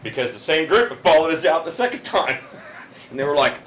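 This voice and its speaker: A man co-hosting a podcast, retelling a night out in an animated, laughing way. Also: a little high, fast. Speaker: podcast co-host. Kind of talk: casual storytelling chat. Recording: roomy echo with faint noise.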